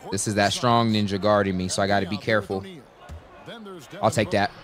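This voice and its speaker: A young man giving live commentary on his own basketball video game, talking to his teammates and shouting at big plays. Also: fairly low pitch, level tone, a little fast, soft background music. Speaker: gaming YouTuber.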